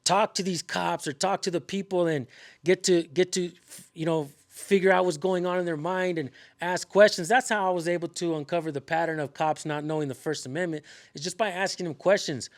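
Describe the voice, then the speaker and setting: Slightly high-voiced male host, loose and rambling, lots of "you know". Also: fairly even intonation, a little fast. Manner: rambling, frequent fillers and restarts. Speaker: channel host, activist. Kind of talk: casual conversation.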